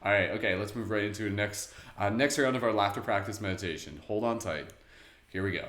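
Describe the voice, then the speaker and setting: A man's voice: lowish voice, quick pace, fairly bright tone. Chatty man leading a livestreamed meditation. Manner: casual, chatty, laughs often. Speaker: meditation host. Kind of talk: live-streamed guided meditation. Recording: echoey room.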